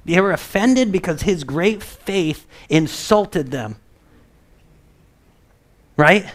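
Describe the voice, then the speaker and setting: A man giving a relaxed, chatty sermon, his voice sitting a little higher than most men's. He talks to the room like a friend and acts out quick voices for the people in his stories. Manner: conversational, animated, acts out voices in quotes. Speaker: pastor. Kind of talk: casual sermon.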